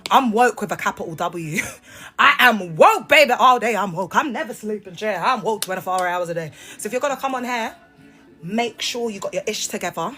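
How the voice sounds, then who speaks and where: Bright-voiced woman, sassy and confrontational, phone live stream, faint music behind. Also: medium pitch, a little fast, husky. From United Kingdom. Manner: sassy, confrontational, talks straight to viewers. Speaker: livestreamer. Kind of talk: casual live-stream rant.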